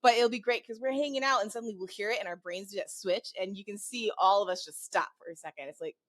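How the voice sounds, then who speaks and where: A woman co-hosting a podcast who talks in a casual chat style, often laughing. She speaks in quick bursts. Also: mid-range voice, fairly bright tone. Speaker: podcast co-host and game master.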